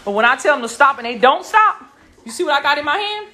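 Loud scolding mother on a phone live stream. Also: high voice, animated, fast talker. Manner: scolding children, loud and blunt. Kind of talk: casual live stream chat. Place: busy family home indoors. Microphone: phone camera.

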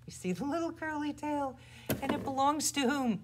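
A woman who works as a children's librarian, leading a toddler storytime with rhymes and a picture book, swinging between exaggerated soft and loud voices. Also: high voice, moderate pace.

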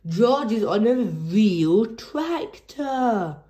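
A woman voicing a cheerful little girl piglet in a storybook reading, eager and excited. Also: medium pitch, very slow. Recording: roomy echo.

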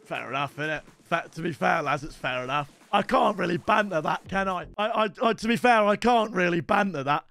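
A young man hosting a gaming video, talking in a very high, bright register. He chats and banters excitably with his viewers, and faint music plays under his voice. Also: a little fast, vocal fry, hardly any pauses. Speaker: video game channel host. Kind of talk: casual gaming commentary.

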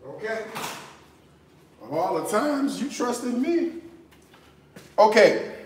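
A man vlogging in his home kitchen, chatting in a sassy, animated way with speech. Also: high voice, slow pace, echoey room, slight background noise. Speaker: cooking vlogger. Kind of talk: casual chat.

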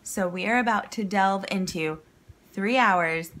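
A woman's voice: mid-range voice, measured pace, fairly bright tone, a little hiss or hum. A woman chatting playfully and giggling as a guest in a casual apartment vlog. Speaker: guest, yarn seller. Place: apartment, indoors.

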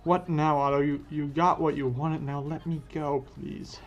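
A man's voice: a little high, level tone, a little slow. A man voicing a frightened captive businessman who stammers and begs. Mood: pleading. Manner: stammering, begging. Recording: dull lo-fi with faint music.

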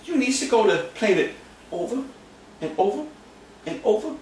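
A man's voice: sits high, sing-song, moderate pace, darkish tone. A man clowns through a drum lesson with goofy, mock-boastful talk, repeating phrases over and over. His voice comes from a distance in a very echoey room with faint noise behind it. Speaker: drum teacher. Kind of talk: comedic casual drum lesson.

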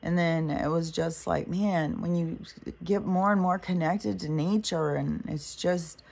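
A woman's voice: on the low side, a little slow, vocal fry, a little mellow. A woman vlogger in a casual spiritual monologue, rambling and swearing often.

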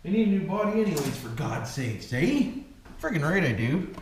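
A Canadian man with a fairly high, sing-song, slightly mellow voice talks at normal speed while working on an RC truck for his hobby channel. Folksy and joking, he keeps saying "boys" and "why wouldn't we." The room is echoey, with background noise.

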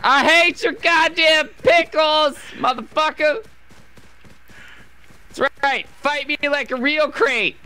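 Young male gamer, high shrill voice, slow and furious, swearing nonstop. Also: fairly even intonation. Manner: loud, furious, profane taunting. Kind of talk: shouted gameplay banter.

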